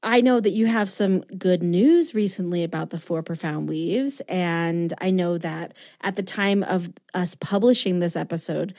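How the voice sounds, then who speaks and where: A woman's voice: on the low side, dry recording, clean studio sound. A woman hosting a podcast interview, speaking with gushing enthusiasm about a book. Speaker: podcast host. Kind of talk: casual interview chat.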